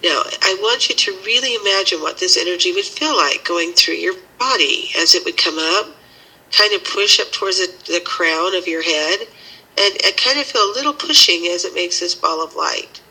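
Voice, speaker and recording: A woman teaching a healing method and leading a slow, soothing guided meditation. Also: on the low side, bright, forceful tone, breathy edge, rough recording. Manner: slow, soothing guiding instructions.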